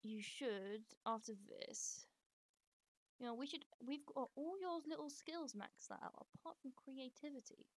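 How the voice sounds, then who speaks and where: Streamer: woman, high bright voice, chatty and sweary, dry close sound. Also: measured pace, dry recording. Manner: chatty, swears, talks to her game characters; excitable bursts of squealing. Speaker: live streamer. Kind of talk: casual gameplay commentary.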